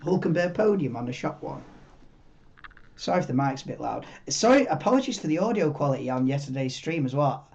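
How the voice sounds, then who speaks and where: A man's voice: fairly high pitch, a little fast, gravelly. Guy rambling on a live stream, swears a lot, lo-fi tin-can sounding mic. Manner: excitable, rambling, swears freely. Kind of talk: casual live watchalong chat. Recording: dull lo-fi mic, tinny.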